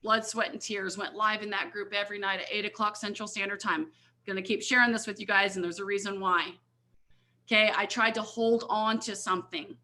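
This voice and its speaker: A woman's voice: medium pitch, steady tone, fairly quick, bright, forceful tone. A middle-aged woman giving an earnest motivational testimony on a coaching call, speaking emphatically and checking in with her listeners often. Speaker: network marketing leader sharing her story. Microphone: video call.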